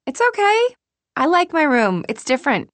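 A woman's voice: high-pitched, sing-song, normal speed, dry recording, pitched above the performer's own voice. A woman reading as Julie, an upbeat young woman. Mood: bright, coaxing. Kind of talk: audiobook reading.

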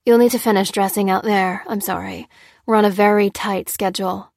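A clipped, matter-of-fact female doctor, played by a woman reader. She is brisk and apologetic in a dry, close storybook reading. Her voice sits at a middle pitch. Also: steady tone, dry recording, lightly acted.

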